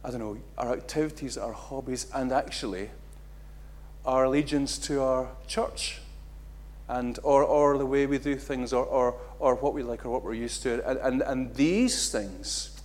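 A middle-aged man preaching a sermon, acting out quotes with big jumps in loudness and pitch. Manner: animated, acts out quotes with big swings in loudness.

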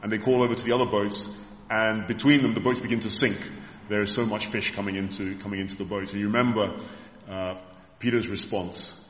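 A man's voice: fairly low pitch, fairly even intonation, brisk, slight background noise. A man preaching a sermon to a congregation in a church, retelling scripture scenes as vivid stories and speaking directly to his listeners. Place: church hall. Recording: echoey hall reverb.

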